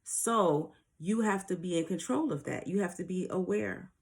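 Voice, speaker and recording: A woman's voice: lowish voice, moderate pace. A woman giving casual spiritual advice straight to her viewers, earnest and a little preachy, often asking them rhetorical questions.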